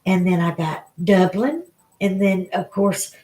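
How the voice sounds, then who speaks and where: This is a vlogger's casual live-stream chat: a woman with a Southern American accent rambles emotionally to viewers. She speaks at a measured pace in a mid-range, slightly mellow voice, captured in rough audio.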